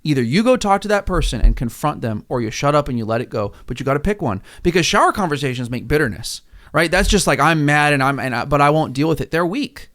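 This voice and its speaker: Earnest co-host, higher voice. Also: male voice, animated, fast talker, fairly bright tone. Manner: earnest, gets worked up. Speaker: ministry leader and podcast co-host. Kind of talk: casual podcast conversation.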